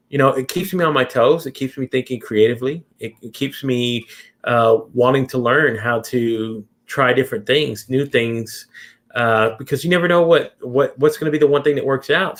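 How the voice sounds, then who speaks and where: A male host chatting with a guest in a loose, unscripted way. He circles around his points, stopping and restarting sentences with plenty of fillers, at a mid pitch and an everyday pace. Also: a bit bright. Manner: rambling, many restarts and fillers. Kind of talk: casual interview chat.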